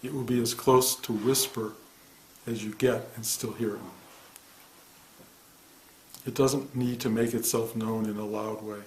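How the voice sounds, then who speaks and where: A man in his sixties, a meditation teacher, giving a soft-spoken, reflective spiritual talk in answer to a student. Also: fairly low pitch, fairly even intonation, measured pace, pauses often, a little hiss or hum. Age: 60s. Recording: echoey room.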